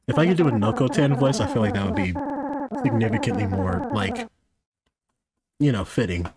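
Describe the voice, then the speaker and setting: A man's voice: fairly low pitch, expressive, normal speed. A young man commenting on a horror game he is playing, rambling and poking fun at himself. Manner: rambling, self-deprecating and jokey. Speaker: gaming video host. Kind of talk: let's play commentary. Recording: music bed under voice.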